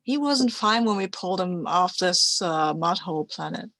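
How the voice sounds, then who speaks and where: Gravelly-voiced woman playing a character. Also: lowish voice, lively intonation, fairly bright tone, dry recording. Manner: halting, apologetic, casual. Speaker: player. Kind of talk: in-character tabletop role-play.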